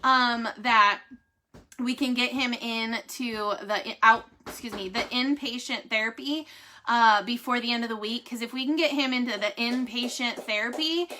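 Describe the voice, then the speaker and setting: A woman talks openly to her viewers in a casual vlog. Her voice is bright and sits a little high. She laughs easily and speaks warmly of her faith. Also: normal speed. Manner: chatty, laughs often, candid and faith-minded. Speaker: vlogger giving a family health update. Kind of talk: casual chat to camera.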